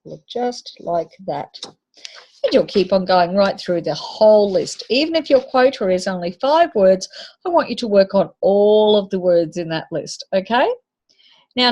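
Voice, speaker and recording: A woman's voice: medium pitch, darkish tone. A woman teacher giving a patient phonics lesson to young children, sounding out letters and words.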